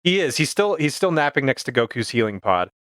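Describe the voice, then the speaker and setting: An easygoing man co-hosting a casual podcast, his voice at an ordinary middle pitch. He retells scenes plainly and chimes in with short agreeing replies. The sound is close and dry, with no room echo. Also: sing-song, a little fast, a bit bright. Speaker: podcast co-host.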